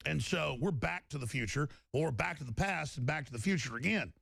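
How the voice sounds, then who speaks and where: A man's voice: fairly high pitch, lively intonation, brisk, gravelly, fairly bright tone, no room sound. A man hosting a talk-radio show, delivering an emphatic, rambling monologue and often repeating himself.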